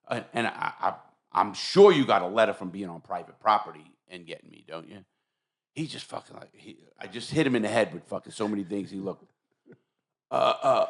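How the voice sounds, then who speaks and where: A man hosting a podcast, telling a story in casual chat, animated and profane, acting out what people said. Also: low-pitched, a little fast, creaky. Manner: profane, animated storyteller who acts out quotes. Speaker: podcast host.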